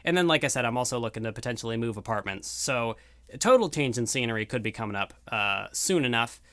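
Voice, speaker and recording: Bright, dry-voiced young man rambling. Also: mid-range voice, animated, fast talker, dry recording. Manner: rambling, self-deprecating, many fillers. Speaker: YouTuber. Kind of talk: casual vlog outro. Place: room at home.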